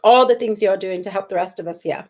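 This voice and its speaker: A woman co-hosting a casual livestream Q&A, playful and quick to laugh. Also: medium pitch. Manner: giggly, playful, bursts of laughter. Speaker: livestream co-host.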